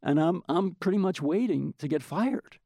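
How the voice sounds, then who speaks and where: A man's voice: sits high, normal speed, vocal fry, no room sound, studio quality. An older man, a guest, telling a long anecdote in casual chat and acting out the voices of the people he quotes. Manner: animated, acts out quoted voices. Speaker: guest storyteller.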